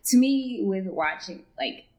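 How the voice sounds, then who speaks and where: A young woman co-hosting a casual film podcast, speaking in a halting, thoughtful way. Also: medium pitch, expressive, a little mellow, dull audio. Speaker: podcast co-host.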